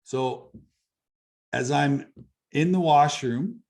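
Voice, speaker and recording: A man's voice: on the high side, extremely slow, a little mellow. A middle-aged man from Canada, telling a personal story as an interview guest in a blunt, conversational way, swearing freely and repeating phrases for emphasis. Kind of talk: candid storytelling.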